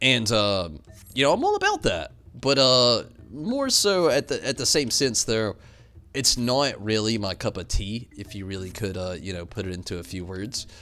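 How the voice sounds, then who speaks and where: A man streaming games, chatting casually and telling rambling, animated stories full of fillers. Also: fairly low pitch, moderate pace, soft background music. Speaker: game streamer. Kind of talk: casual chat while streaming.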